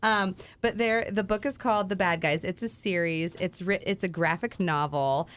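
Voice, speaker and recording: A woman's voice: fairly low pitch, normal speed, fairly bright tone. A woman, co-hosting a radio show in casual chat, laughing often and trailing off mid-thought. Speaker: radio co-host.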